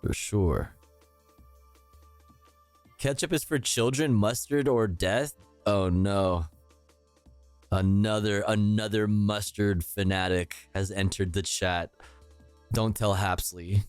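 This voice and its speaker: A man streaming live, reacting to clips with crude jokes and an animated delivery. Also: on the low side, takes it slowly, long pauses, clean tone, no room sound, soft background music.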